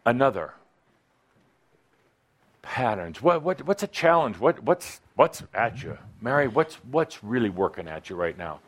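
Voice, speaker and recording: A man with a mid-range, sing-song voice runs a live seminar for an audience at a measured pace. Speaking through a handheld or clip-on microphone, he coaches them in a teasing, playful way.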